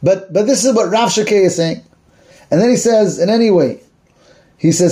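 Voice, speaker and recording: Male teacher, high and mellow voice, chatty Bible storytelling, searches aloud for words. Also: moderate pace. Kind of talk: retelling a Bible story in a class.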